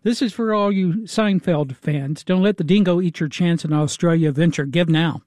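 A man's voice: a little high, moderate pace, a little mellow, no echo. A male radio host in the studio, making an upbeat on-air pledge drive appeal and urging listeners to give. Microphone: studio microphone.

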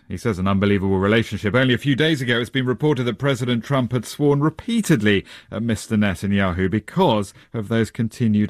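A man presenting broadcast news and interviewing a guest with measured, probing questions. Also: mid-range voice, no room sound, studio quality.

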